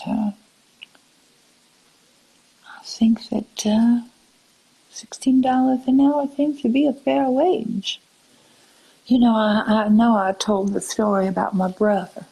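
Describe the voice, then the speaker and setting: Soft-spoken older woman, gravelly and slow. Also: a little high, rough recording. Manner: slow, soft, often half-whispered, musing. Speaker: live-stream host. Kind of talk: casual live-stream chat, answering viewer comments.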